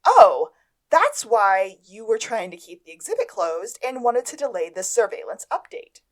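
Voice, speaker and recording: A woman co-hosting a podcast, recapping a TV episode in casual chat and jumping up in pitch to quote characters. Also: normal speed. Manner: expressive, swoops up for quoted lines. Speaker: podcast co-host.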